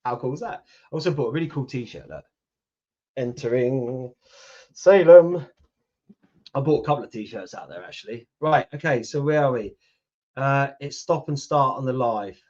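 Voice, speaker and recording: Expressive and fairly quick, a mid-range male voice belongs to a YouTube channel host in his fifties from the United Kingdom. He speaks with a British accent, chatting casually and answering viewers' comments on a lo-fi livestream.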